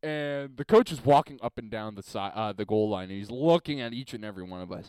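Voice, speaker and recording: A man's voice: lowish voice, quick pace, hardly any pauses, darkish tone, clean tone, no room sound. A young adult man hosting a podcast alone in a basement, telling rambling, profane, self-deprecating stories. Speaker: podcast host. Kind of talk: casual comedic storytelling.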